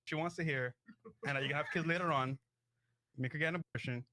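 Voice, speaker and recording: A man with a bright, forceful voice rattles through dating advice on a podcast. He speaks quickly and sounds close and dry. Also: fairly high pitch, no echo.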